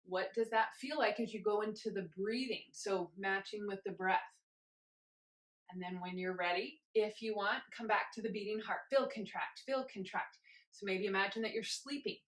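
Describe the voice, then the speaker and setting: A woman instructor leading a guided movement class, cueing each step gently and chanting rhythmic counts while moving along herself. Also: mid-range voice, moderate pace, roomy sound, rough recording.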